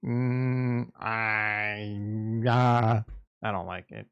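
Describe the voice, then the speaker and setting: A man's voice: fairly low pitch, fairly even intonation, extremely slow, clear, resonant tone, no echo, lo-fi sound. A middle-aged man hosting a livestream, chatting in a blunt, rambling, crude way. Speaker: livestream host. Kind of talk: casual livestream chat.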